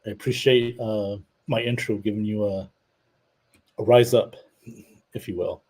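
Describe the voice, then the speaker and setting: A man's voice: on the low side, fairly even intonation, a little slow, a little mellow, slightly rough, poor audio. A man hosting a live show, chatting casually about his team and reading out viewer comments. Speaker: podcast host. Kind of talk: casual live-stream chat.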